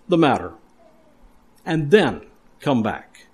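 Earnest preacher, man, slightly high. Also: expressive, unhurried, pauses often. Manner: earnest preaching with repeated words and restarts. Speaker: pastor. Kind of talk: sermon.

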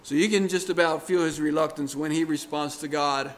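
A man preaching a sermon in a deliberate, earnest way, pressing hard on key words. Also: on the high side, steady tone.

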